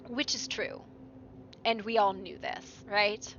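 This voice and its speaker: A woman's voice: mid-range voice, takes it slowly, gravelly, a bit bright, highs cut off, slight background noise. A young woman streaming a game, chatting casually, swearing and reading game text aloud. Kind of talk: game live stream commentary.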